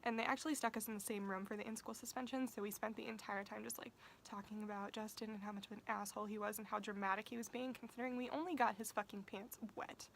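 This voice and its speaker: A young woman vlogger telling a casual storytime, talking fast and swearing freely, saying "like" all the time. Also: medium pitch, vocal fry, slight background noise, poor audio. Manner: profane, fast-talking, uses "like" constantly.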